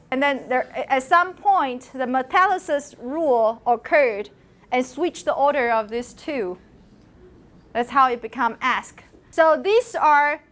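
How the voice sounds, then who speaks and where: A middle-aged woman lecturing a university class, asking students questions and modeling sounds aloud in a lively way. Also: sits high.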